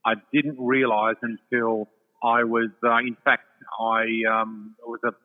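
A man's voice: mid-range voice, level tone, measured pace. Older Australian man on a tinny line. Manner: warm, chatty, effusive, full of fillers. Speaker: psychic guest. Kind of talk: casual storytelling chat. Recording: tinny phone-like line with long reverb.

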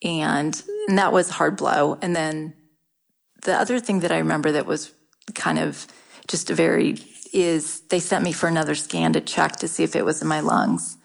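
A middle-aged woman talking candidly in an interview, halting often and restarting her sentences. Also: low-pitched, fairly even intonation, gravelly. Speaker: guest sharing her cancer story. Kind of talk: casual interview talk.

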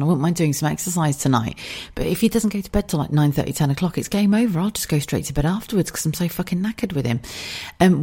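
A woman in her forties hosting a podcast, chatting frankly and swearing freely while keeping her voice hushed in her kitchen at home. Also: deep voice, slightly rough. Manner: hushed, speaking softly so as not to wake a child. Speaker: podcast host. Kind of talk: casual chat.

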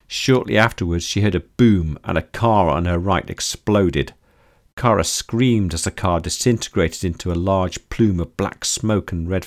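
Low-voiced man reading an audiobook. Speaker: author and audiobook narrator. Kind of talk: scripted audiobook narration.

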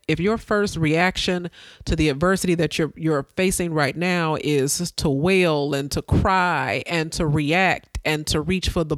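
A woman's voice: on the low side, no room sound. A woman hosting her own podcast, giving an earnest, preacher-like motivational talk that repeats phrases for emphasis. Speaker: podcast host.

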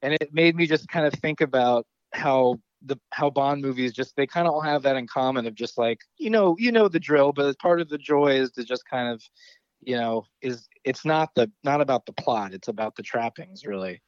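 A man's voice: mid-range voice, animated, normal speed, dry recording, dull audio. A man co-hosting a podcast, chatting casually about a film, rambling, laughing easily and swearing now and then. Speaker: podcast co-host. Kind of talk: casual chat.

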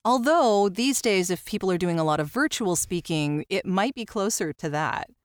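A woman hosting a podcast interview, speaking in a soft, soothing and clear voice. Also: mid-range voice, expressive, moderate pace, dry recording, studio quality. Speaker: podcast host.

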